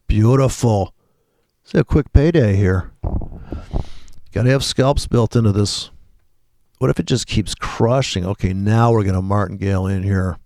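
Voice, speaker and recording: Low-voiced guy rambling over trading charts, swears a lot, dry close sound. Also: a little slow, mellow, dry recording. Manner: rambling, profane, thinking aloud. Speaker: trading video host. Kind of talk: casual live chart commentary.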